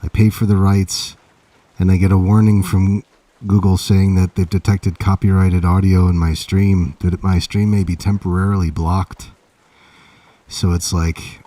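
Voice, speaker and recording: Man, low dark voice, rambling casual livestream chat, heard from across the room. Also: no echo, far from the mic. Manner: rambling, laid-back, talks softly to his cat. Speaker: writer livestreaming his writing.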